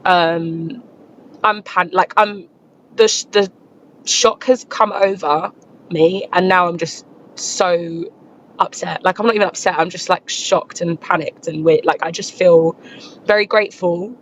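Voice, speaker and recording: A woman's voice: on the low side, fairly even intonation, unhurried, a little hiss or hum. A young woman telling her own frightening story to camera in a shaken, rambling way, full of fillers. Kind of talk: casual first-person storytelling to camera. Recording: slightly dull lo-fi recording.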